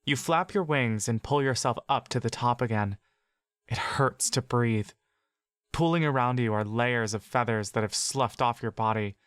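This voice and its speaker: A man narrating a fantasy audio story in the second person, with slow, measured intensity. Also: mid-range voice, a bit bright, clear, resonant tone, dry recording.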